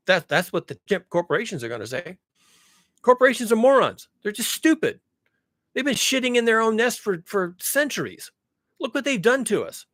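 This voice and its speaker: A man's voice: high-pitched, big pitch swings, moderate pace, fairly bright tone, no echo, studio quality. Blunt, swearing man ranting. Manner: blunt, profane, emphatic, repeats his points. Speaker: vlogger. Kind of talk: ranting monologue to camera.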